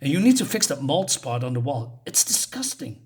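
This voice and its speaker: A man's voice: medium pitch, very animated, normal speed, a little mellow, slightly rough. An impatient motel clerk brushes off complaints, read by a man reviewing a comic. The voice stays close to the reader's own. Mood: annoyed.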